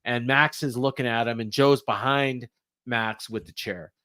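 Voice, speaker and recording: Medium-pitched and sharp-toned, this podcast co-host speaks at a measured pace with fairly even intonation. His casual wrestling recap wanders, packed with fillers.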